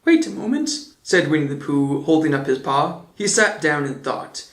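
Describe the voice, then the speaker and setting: A man reading a children's storybook aloud in a gentle, measured way, as an audiobook narrator. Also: fairly high pitch. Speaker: audiobook reader. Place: indoor room, on camera. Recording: roomy echo.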